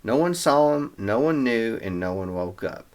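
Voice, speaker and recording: A man's voice: medium pitch, lively intonation, normal speed. A man hosting a Bible reading show, retelling scripture in a casual, chatty way with everyday slang.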